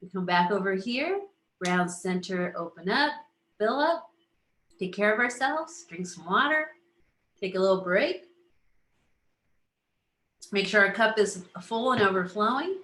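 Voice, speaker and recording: The astrologer's medium-pitched voice is animated and fairly bright, unhurried and marked by long pauses. Hosting her casual live stream amid a roomy echo, she stays bubbly, laughing frequently and performing little inner voices for the audience.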